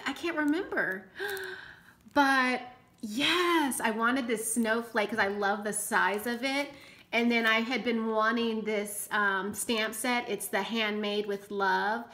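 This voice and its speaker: A woman craft vlogger unboxes gifts in a vlog, gushing excitedly and often squealing and gasping. Her voice sits on the high side.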